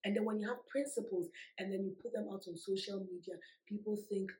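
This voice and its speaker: A woman vlogger telling a personal story to her viewers in an emphatic, animated way, laughing often. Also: medium pitch, fast, hardly any pauses, poor audio. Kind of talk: storytime vlog.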